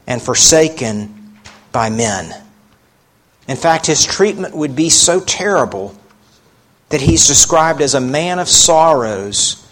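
A man preaching a sermon, slow and emphatic, asking rhetorical questions of his listeners. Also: mid-range voice, fairly bright tone.

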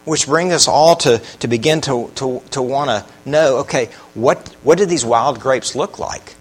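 A man's voice: medium pitch, a little slow, slightly rough, rough recording. A man preaching a sermon, earnest, often putting questions to the congregation. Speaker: pastor.

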